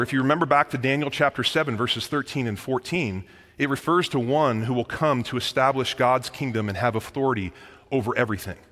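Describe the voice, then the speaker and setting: A man preaching a sermon as pastor, in a lively, conversational manner that often addresses the listeners as guys. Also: mid-range voice. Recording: long reverb of a large hall.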